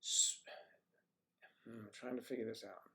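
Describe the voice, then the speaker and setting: A man's voice: lowish voice, fairly even intonation, unhurried, sharp tone. A man hosting a casual livestream, chatting and telling rambling stories. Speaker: livestream host.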